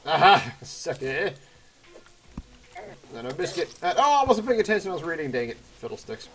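A young man commentating a video game, excitable and chatty, yelping at danger and answering chat. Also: fairly high pitch, normal speed, soft background music. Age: young adult. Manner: excitable, yelps and exclaims, chatty asides to chat. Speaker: let's play host. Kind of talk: gameplay commentary.

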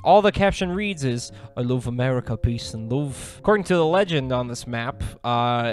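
A young man giving comedic commentary with deadpan jokes and sudden laughs. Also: medium pitch. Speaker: commentary YouTuber.

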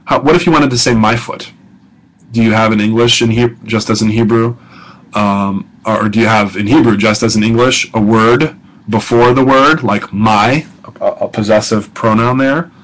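A male professor talks through a biblical Hebrew grammar lesson in a low voice. His delivery is casual and conversational. He poses rhetorical questions and leans on "um" and "okay" as he goes. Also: steady tone, moderate pace, fairly bright tone, poor audio. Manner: conversational, asks rhetorical questions, frequent ums and okays, chuckles. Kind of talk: recorded lecture audio guide.

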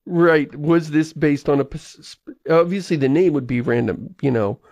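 A man with a mid-pitched, gravelly voice hosts a casual podcast. He talks in an animated way and throws in quick asides. The sound is close and dry. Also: dry recording. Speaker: podcast host.

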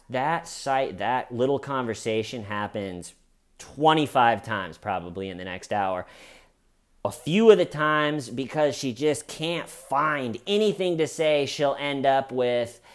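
A man's voice: mid-range voice, lively intonation, unhurried, smooth. A man giving casual comedic commentary on a true crime case, with sarcastic, incredulous asides.

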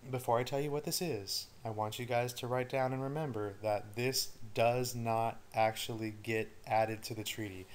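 Male teacher, casual recorded lecture, wry asides, middle-range voice. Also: medium pitch. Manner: casual, joking asides to students. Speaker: history teacher. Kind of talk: recorded study-guide lecture.

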